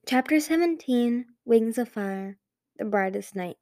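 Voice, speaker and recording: A woman's voice: fairly high pitch, expressive, a little slow, dark tone, dry recording. A woman narrating a fantasy novel in a casual amateur reading, with small slips and restarts. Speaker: audiobook reader.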